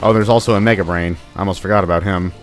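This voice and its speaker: A man's voice: deep voice, fairly even intonation, racing, faint music behind. A young man giving casual, joking commentary while playing a video game, chatting to the enemies on screen. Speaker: gameplay commentator. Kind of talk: casual let's-play commentary.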